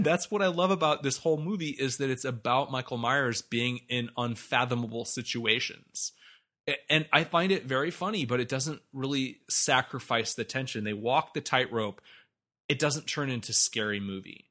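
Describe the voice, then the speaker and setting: A man's voice: medium pitch, moderate pace, pushed and bright. A man co-hosting a podcast, talking animatedly about a movie, laughing often and swearing freely. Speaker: podcast co-host. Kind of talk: casual film discussion.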